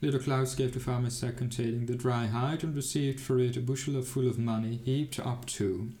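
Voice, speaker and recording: A man's voice: mid-range voice, fairly even intonation, fairly quick, warm tone. A man reading a fairy tale aloud, narrating plainly and lifting his voice for the characters' cries. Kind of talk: storybook reading. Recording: echoey room.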